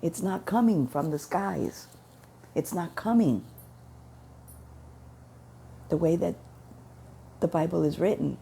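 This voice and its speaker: A woman shares her religious testimony in an earnest, repetitive way, retelling her prayers as she goes. Her voice sits low and carries a heavy gravelly fry with a dark, mellow tone. A faint noise hangs behind her. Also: lively intonation, takes it slowly, pauses often. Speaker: testimony speaker.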